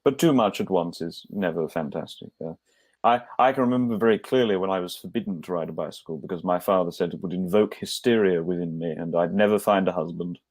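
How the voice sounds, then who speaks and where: A man voicing a stolid, staunch, matronly older woman who leads suffrage campaigners, in a brisk and commanding manner. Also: sits low, darkish tone, dry recording. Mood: reminiscing.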